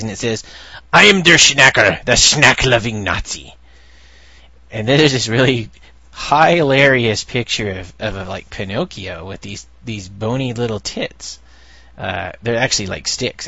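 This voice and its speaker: Guy rambling on his podcast, um and uh everywhere, kinda low, dull lo-fi audio. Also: fairly bright tone, no room sound. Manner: rambling, full of fillers and restarts. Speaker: podcast host. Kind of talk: casual podcast chat.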